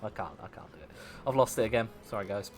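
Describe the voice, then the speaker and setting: A man's voice: on the low side, quick pace. A man hosting a live game stream, chatting casually with viewers, joking and laughing often. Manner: chatty and playful, laughing often, mock-outraged outbursts. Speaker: livestream host. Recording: faint music behind.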